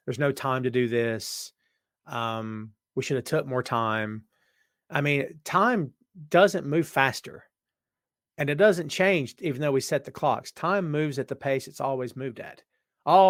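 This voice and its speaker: A man hosts a live stream at an easy conversational pitch, his voice worn and tired. He rambles and jokes straight at his viewers, and the sound is dry and close. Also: a bit bright, no echo. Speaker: podcast host. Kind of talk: casual live-stream chat. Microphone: webcam setup.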